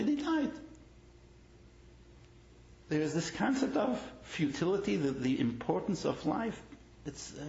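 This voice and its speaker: A rabbi with a mid-range, creaky, darkish voice lectures through personal stories, repeating his phrases and growing more emphatic as he goes. The room is echoey, and the lo-fi recording sounds dull with faint noise.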